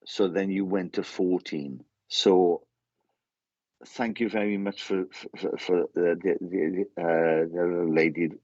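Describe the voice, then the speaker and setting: Low husky man, medium giving a reading, halting and repetitive, dull lo-fi sound. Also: fairly even intonation, a little mellow, no echo. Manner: halting, repeats words while relaying messages.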